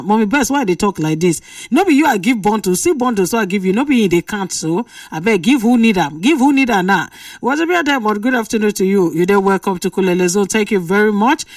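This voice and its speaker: Nigerian call-in radio host, playful and teasing, mid-pitch voice, dry studio sound with the mic a bit far. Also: lively intonation, fairly quick, dry recording. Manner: playful, teasing, banters with callers. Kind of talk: lively call-in radio chat.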